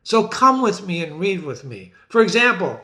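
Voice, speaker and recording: A man's voice: sits high, moderate pace. A middle-aged man hosting his own literature channel, talking to viewers with theatrical enthusiasm. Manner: animated, theatrical, addresses viewers as ladies and gentlemen. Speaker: literature teacher and website host. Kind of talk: enthusiastic talk to camera.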